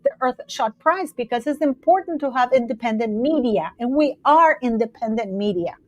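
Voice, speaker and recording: A woman with a light Latin American Spanish accent hosts a casual talk, her voice sitting a little high. She tells stories in a lively way and acts out the people she met. The sound is dry, close and free of room echo. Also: normal speed, dull audio. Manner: animated storytelling, quoting people in changed voices. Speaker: host. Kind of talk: casual chat. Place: Canada.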